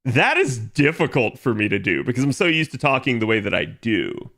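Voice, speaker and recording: A man's voice: mid-range voice, sing-song, a little fast, fairly bright tone. A young man streaming from home, chatting casually with his viewers in a rambling way full of fillers. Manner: rambling, filler-heavy, reads chat aloud.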